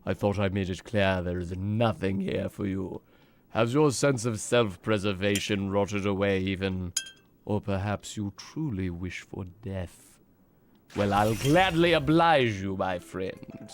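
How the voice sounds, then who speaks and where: A man reading out a scornful male boss's lines in a low, mock-menacing voice. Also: a little slow, a little hiss or hum. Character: scornful male crab-hating boss, read aloud.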